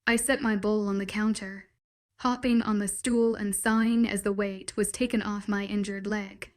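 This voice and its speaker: A woman's voice: medium pitch, flat delivery, moderate pace, darkish tone. Woman narrating a story. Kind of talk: scripted first-person story narration.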